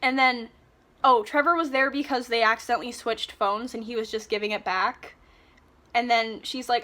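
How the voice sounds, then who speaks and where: A woman giving a ranting book review, retelling scenes in an animated, sarcastic way and swearing freely. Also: on the high side, moderate pace.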